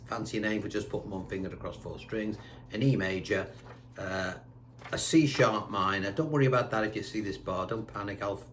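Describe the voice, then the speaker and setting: A man's voice: low voice, slight background noise. A man teaching a guitar lesson, chatty and reassuring, counting notes aloud while seated indoors. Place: indoors, seated on a squeaky chair.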